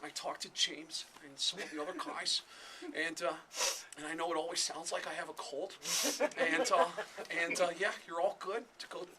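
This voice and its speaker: A man doing an impression of a laid-back male rock drummer, speaking softly and mumbly. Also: fairly high pitch, steady tone, moderate pace, noisy background, natural voice.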